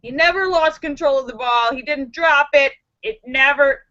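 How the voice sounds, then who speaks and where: Animated sassy woman on a lo-fi livestream. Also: high-pitched, normal speed. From Los Angeles area. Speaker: livestream host. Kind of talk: casual live-stream chat.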